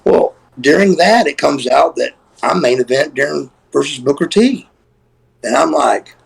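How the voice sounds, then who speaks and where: A middle-aged man with a deeply gravelly, husky voice tells a profane story in a casual chat. He is animated and throws himself into the quoted lines. His voice sits a little high for a man. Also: unhurried, poor audio. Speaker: guest, former pro wrestler. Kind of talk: casual storytelling on a live stream.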